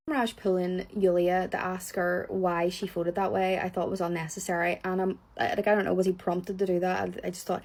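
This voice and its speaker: A Northern Irish woman with a husky, slightly low voice, talking casually through her opinions. She is blunt and frank and swears without a second thought. She sounds hot and bothered as she talks. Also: flat delivery, moderate pace, darkish tone. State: hot and sweaty. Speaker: reality TV reviewer. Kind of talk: casual reaction chat.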